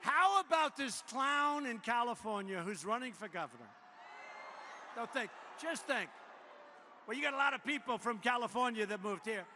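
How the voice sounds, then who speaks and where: A man in his seventies delivers a rambling, boastful campaign rally speech into a podium mic, his voice strained up very high with a bright, forceful edge. He repeats himself and keeps riffing off-script. The sound carries a long arena reverb over a faint hiss. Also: animated, moderate pace. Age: 70s. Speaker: politician addressing a rally. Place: large indoor arena.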